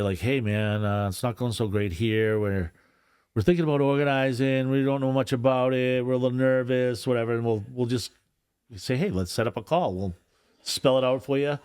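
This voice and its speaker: On a podcast, a male guest chats casually and ramblingly about union work, swearing freely and often restarting sentences. His lowish voice is slightly mellow, clear and resonant, captured in a dry, studio-quality recording.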